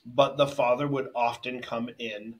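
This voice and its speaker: A man's voice: mid-range voice, steady tone, a little slow, rough recording. A man co-hosting a martial arts podcast, agreeing readily and telling anecdotes from his own classes. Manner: agreeable, tells anecdotes from teaching. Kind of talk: casual podcast conversation.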